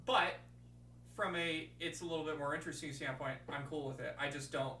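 A man's voice: fairly high pitch, fairly even intonation, brisk, pushed and bright, a little hiss or hum. A man guest on a podcast, earnestly explaining chords and melody while workshopping a song. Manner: earnest, explains music theory. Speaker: guest musician. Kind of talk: casual songwriting chat. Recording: roomy and distant, guitar behind.

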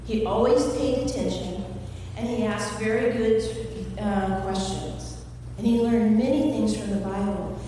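A woman's voice: fairly high pitch, dark tone, slight background noise. A woman who is a teacher, telling a story to students as a children's sermon and doing playful voices for the characters. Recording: echoey hall from far off.

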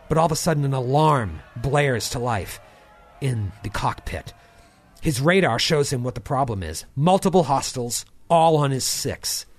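A man running a science fiction tabletop game as game master, narrating scenes dramatically and dropping low for the tense moments.

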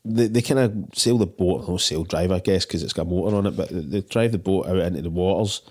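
A Scottish man co-hosting a casual film podcast, swearing freely and recounting scenes with animated outbursts. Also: sits low, fast talker. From Scotland. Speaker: podcast co-host.

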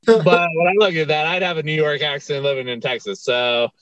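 A man's voice: fairly high pitch, a little fast, over a noisy crowd. A man from Colorado hosting a podcast, talking in an easygoing, rambling way. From Colorado, USA. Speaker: podcast host. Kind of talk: casual interview chat. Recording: muffled audio with faint music.

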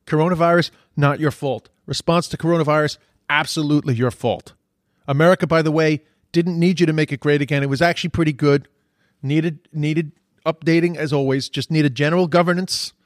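Sweary ranting man, indignant, fairly high voice, dry close sound. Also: steady tone, fairly quick, no echo. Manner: indignant, sweary, repeats himself when heated. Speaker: commentator reacting to posts. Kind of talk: profane rant reacting to social media posts.

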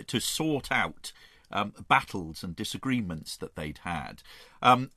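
Guy talking history, enthusiastic and rambly, punchy bright voice, low pitch. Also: no room sound, studio quality. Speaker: guest historian. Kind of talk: conversational explanation.

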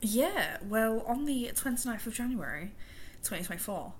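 A woman's voice: a little high, lively intonation, normal speed, slight background noise. A woman co-hosting a casual podcast, playful and chatty with joking asides. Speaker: podcast co-host. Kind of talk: casual chat.

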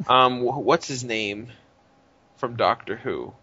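A man's voice: mid-range voice, takes it slowly, breathy edge, lo-fi sound. A man co-hosting a podcast in casual chat, rambling and swearing freely. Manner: animated, profane, rambling. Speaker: podcast co-host.

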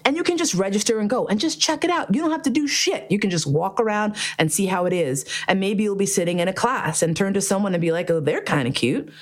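A woman in casual podcast chat, telling a story in a lively way and swearing often. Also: mid-range voice, quick pace, hardly any pauses. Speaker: podcast host.

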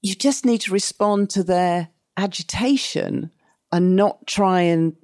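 A woman psychotherapist explaining parenting ideas in a relaxed interview, with an animated way of talking. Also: mid-range voice, measured pace, no room sound, clean studio sound. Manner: animated, acts out children's and parents' voices in quotes. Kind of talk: conversational podcast interview.

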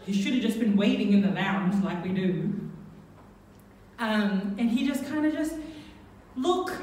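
A woman telling a funny true story on stage, lively and laughing, with many fillers and restarts. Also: mid-range voice, slight background noise. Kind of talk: live storytelling to an audience. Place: live venue stage. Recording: echoey venue, mic from far off.

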